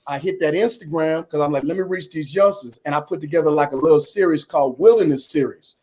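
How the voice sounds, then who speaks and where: On a video call, a man in his fifties recounts his story as an interview guest, his audio coming through a computer. His voice is fast, a little mellow, and a touch higher than most men's, and he acts out both sides of old conversations while repeatedly saying "man."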